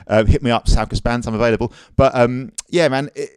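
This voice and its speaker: A man giving a casual, upbeat drum lesson on video, chatting easily and counting rhythms out loud. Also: mid-range voice, fast, smooth, dry recording. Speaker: drum teacher. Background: drum kit playing.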